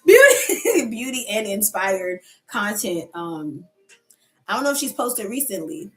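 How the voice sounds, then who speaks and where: A woman's voice: medium pitch, measured pace, low-quality recording. A woman hosting a casual live coffee chat stream. She talks loosely, answers her viewers' comments and laughs often.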